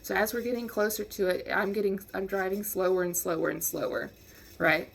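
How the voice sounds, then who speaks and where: A woman casually telling a personal anecdote in a lively, wry way, acting out the lines of the people in it. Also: medium pitch, brisk, creaky. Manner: lively, wry, acts out quotes. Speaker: storyteller.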